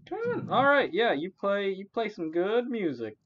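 A woman's voice: mid-range voice, sing-song, normal speed, a little hiss or hum. A woman narrating as game master in a casual, laughing, sometimes swearing way. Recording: muffled lo-fi audio.

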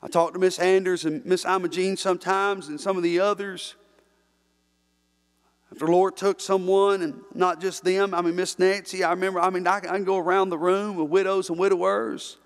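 A pastor preaches with a high, ringing male voice. He repeats key phrases and pulls the congregation in with call-and-response. His voice carries a long echo through the church sanctuary. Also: little pitch movement, normal speed. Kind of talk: sermon. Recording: long reverb in a church hall.

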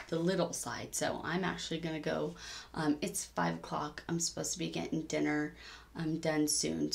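Lady rambling thru her stitching update, lowish voice w some vocal fry, kinda tired, lots of ums. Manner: rambling, chatty, many ums. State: a bit tired. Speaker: cross-stitch vlogger. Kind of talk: casual diary vlog.

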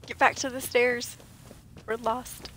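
A woman livestreaming a game, chatting playfully with viewers and laughing often, her voice a little rough from being sick. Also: a little high, flat delivery, slow pace, a bit bright, slight background noise. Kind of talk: casual livestream chat with viewers.

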